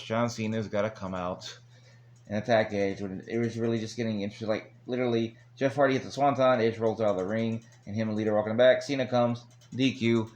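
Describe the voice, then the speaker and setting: A man's voice: mid-range voice, muffled recording. A man recapping an old wrestling broadcast in a casual, rambling monologue, chuckling along the way and dropping crude asides. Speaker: wrestling show reviewer.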